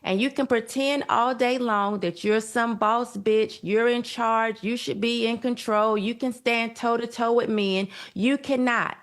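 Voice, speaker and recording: A woman's voice: a little high, fairly even intonation, measured pace, few pauses. A woman delivering preachy commentary in a lecturing, moralizing way.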